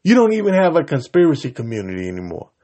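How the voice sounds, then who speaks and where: A man delivering a profane, confrontational rant straight to his audience, swinging between loud outbursts and low mutters. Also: wildly swooping pitch, fast. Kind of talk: profane angry rant to camera.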